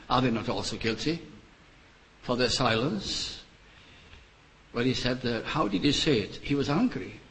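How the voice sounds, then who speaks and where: Slow, deliberate older male preacher. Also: mid-range voice, a bit bright, rough recording. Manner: slow and deliberate, rising to emphatic rhetorical questions. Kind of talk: sermon.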